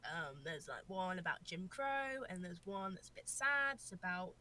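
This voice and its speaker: Chatty young woman, bright tone. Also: fairly low pitch, sing-song, moderate pace. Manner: chatty, hesitant with fillers, self-deprecating. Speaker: guest, video creator. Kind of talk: casual chat on a podcast.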